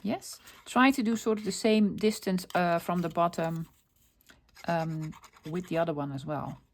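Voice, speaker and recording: In a relaxed running chatter, a middle-aged woman hosts a crafting tutorial, talking to herself as she works, posing and answering her own questions, and laughing easily. Her voice is on the low side and a little slow.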